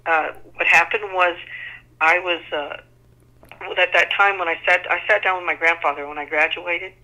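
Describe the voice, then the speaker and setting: A woman's voice: on the low side, normal speed, muffled recording. A middle-aged woman with a Texan accent, a singer talking as an interview guest and acting out what others told her. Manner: animated, acts out quoted voices. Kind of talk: conversational storytelling.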